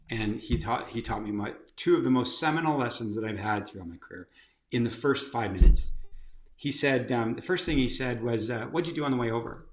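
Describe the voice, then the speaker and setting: A man's voice: mid-range voice, roomy sound. A man, a company chief executive, telling career stories as a guest in an interview, with lots of fillers and restarts. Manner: animated anecdotes, many fillers and restarts. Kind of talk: storytelling in an interview.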